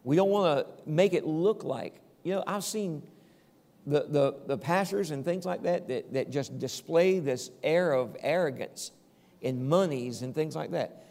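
An older man preaching a sermon in a relaxed, conversational way, checking in with his listeners and chuckling now and then. His voice sits somewhat high and carries a gravelly edge. The long reverb of a church hall trails behind each phrase. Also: unhurried. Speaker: pastor.

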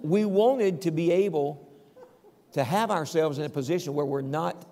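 Long reverb from a church hall hangs behind an older man's sermon, which he delivers as pastor at a moderate pace. Conversational and relaxed, he checks in with listeners and chuckles occasionally, his somewhat high voice tinged with gravel.

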